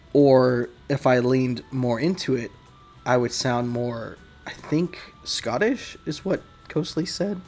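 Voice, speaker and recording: A man's voice: mid-range voice, takes it slowly, darkish tone, faint music behind. A man giving casual, rambling, self-deprecating behind-the-scenes commentary on a game he developed.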